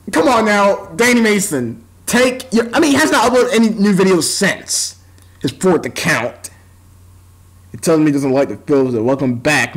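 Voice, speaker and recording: Casual: american dude ranting on his channel, pretty high voice, throwing insults nonstop. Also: rough recording. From United States. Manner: insulting, scornful rant. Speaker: YouTuber. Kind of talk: ranting reaction vlog.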